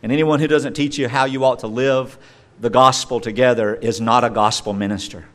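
A middle-aged male pastor delivering a sermon, swinging between loud emphatic stresses and quiet conversational asides. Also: medium pitch, steady tone, brisk.

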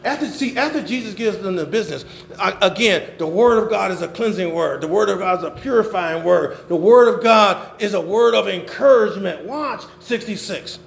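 An older man preaching a sermon, swinging between loud emphasis and low murmurs. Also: normal speed, vocal fry, hardly any pauses, roomy sound. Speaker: pastor.

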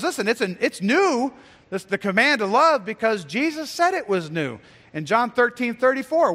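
A man's voice: very high-pitched, pushed and bright. A pastor preaching a sermon in a church, earnest, often restarting and repeating his words. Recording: reverberant church sanctuary.

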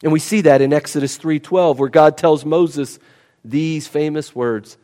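A man's voice: fairly high pitch, normal speed, darkish tone. A man preaching an expository sermon, emphatic and teaching, often repeating key words for weight. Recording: long hall reverb.

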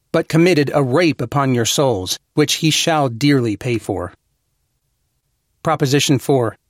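A man reads an old sermon text aloud with earnest, formal weight. His voice sits a little high for a man, and each phrase is measured out steadily. The sound is dry and close, with no room around it. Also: no echo. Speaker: reader of a devotional text.

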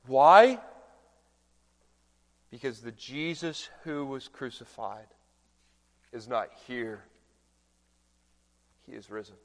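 Slow, dramatic male preacher in reverb. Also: mid-range voice, animated. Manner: dramatic, swinging from hushed to loud proclamation. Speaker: pastor. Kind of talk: sermon. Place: large church hall. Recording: long church reverb.

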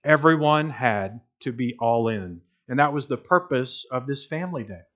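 Male pastor, mid-pitched voice, emphatic sermon delivery with steady build. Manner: emphatic preaching with rising intensity and measured repetition.

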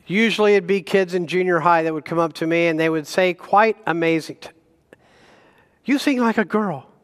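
Preaching man, slightly high voice, reverberant hall. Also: clean tone. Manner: animated preaching with self-deprecating humor and chuckles. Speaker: guest pastor. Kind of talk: sermon. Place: church sanctuary.

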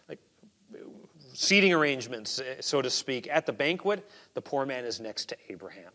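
Bright-voiced preaching man. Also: mid-range voice, animated, fairly quick. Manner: conversational preaching, swings between quiet asides and loud emphasis. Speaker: pastor. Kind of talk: sermon.

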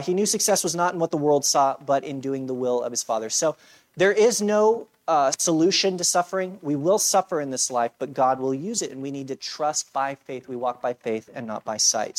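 A man preaches in a church, talking to his congregation as if chatting. He jokes at his own expense and keeps checking in with "right?" between his points. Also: fairly high pitch. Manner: conversational preaching, self-deprecating humor, frequent "right?". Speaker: pastor. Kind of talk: sermon.

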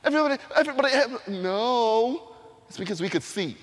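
A man's voice: extremely high pitch, lively intonation, fairly quick, a little hiss or hum. A man preaching a sermon, retelling a scripture story animatedly with sound effects and frequent laughter. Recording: long hall reverb.

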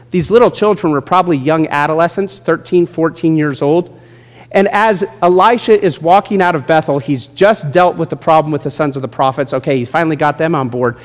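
A male pastor preaching a sermon with lively, joking asides to people in the congregation. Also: a little high, a little fast. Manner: lively, jokes with congregation members by name. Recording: long reverb in a large hall.

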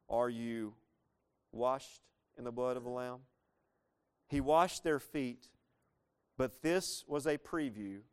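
Male pastor, mid-pitched voice, animated conversational sermon delivery. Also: clean tone. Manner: animated, asks the congregation questions, acts out quoted lines.

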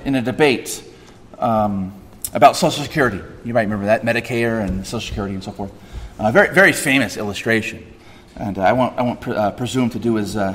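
A man preaching a sermon, swinging from loud emphatic peaks to soft quiet asides. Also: lowish voice, in a large hall. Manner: frequent fillers and restarts in asides. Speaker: pastor.

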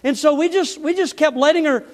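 A man preaching a sermon, telling a story with lively energy before turning soft and earnest. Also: very high-pitched, brisk. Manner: animated, rising to near-shouting in the story, dropping soft and earnest for the appeal. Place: church sanctuary. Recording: long hall reverb.

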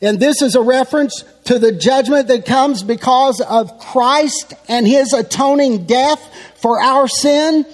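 A man preaching a sermon, teaching slowly and with emphasis as he works through a passage. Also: extremely high pitch, big-room sound. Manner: slow, emphatic expository teaching.

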